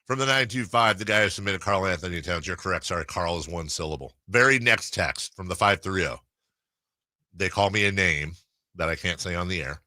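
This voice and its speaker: A man's voice: low-pitched, a little fast, pushed and bright, no room sound, studio quality. A man hosting a casual sports talk radio show, riffing and laughing often.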